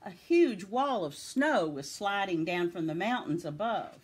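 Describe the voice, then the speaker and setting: A woman from Tennessee reading a children's picture book aloud with expressive storytelling. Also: medium pitch, measured pace, husky.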